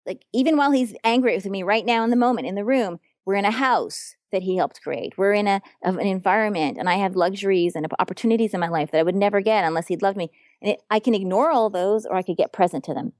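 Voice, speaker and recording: A woman's voice: mid-range voice, fast, a little mellow, no echo, studio quality. A woman relationship coach talking in an earnest, frank and emphatic way during a podcast interview.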